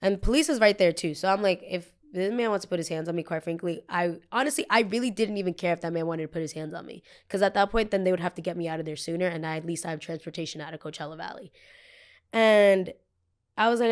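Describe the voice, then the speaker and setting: A woman's voice: fairly low pitch, quick pace. A young woman in her twenties hosting a podcast, telling a heated story in a casual, profane way and acting out the people she quotes. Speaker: podcast host.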